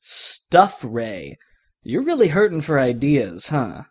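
A cocky male superhero with a husky voice, full of swagger and taunts, played by a man reading an audiobook. He talks louder and higher than the narrator around him. This is storybook acting, not a full character voice. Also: huge pitch swings, slow pace, exaggerated voice. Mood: taunting. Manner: boastful, taunting. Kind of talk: audiobook fan fiction reading.

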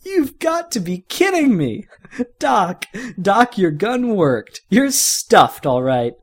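A man's voice: on the high side, sing-song, measured pace, husky, exaggerated voice. A man putting on a smug swaggering superhero. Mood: gleeful. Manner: boastful, taunting. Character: cocky, smug male superhero. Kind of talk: audiobook fan fiction reading.

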